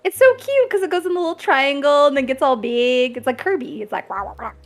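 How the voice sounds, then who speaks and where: A woman's voice: sits high, lively intonation, fairly quick, faint music behind. A young woman streamer chatting casually, laughing often as she talks. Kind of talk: casual chat.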